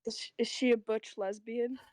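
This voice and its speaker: A woman's voice: a little high, fairly even intonation, normal speed, a little mellow, slight background noise. A woman playing a tabletop game who talks in a giggly, flirty way. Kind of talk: casual game chat.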